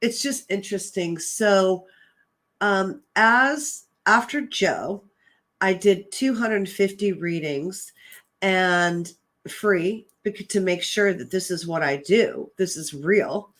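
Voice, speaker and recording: Speaking slowly in a medium-pitched, fairly bright voice, a woman who is a host and psychic medium shares a personal story on her show. Her chatty retelling of conversations is full of "I'm like" and "um," and she comes across as earnest and emotional.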